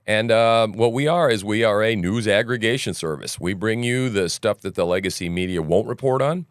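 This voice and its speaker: Male host, casual livestream commentary, morning voice, rambling, low and smooth. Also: normal speed, no room sound, studio quality. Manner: rambling, frequent "right?" asides, joking. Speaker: news commentary podcast host.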